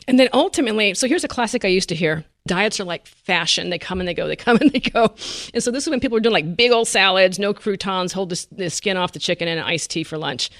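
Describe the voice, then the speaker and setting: Lively laughing woman dietitian. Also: medium pitch, fast talker, hardly any pauses, dry recording, studio quality. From United States. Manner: animated, laughs often, acts out patients' voices. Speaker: dietitian guest. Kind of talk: podcast interview.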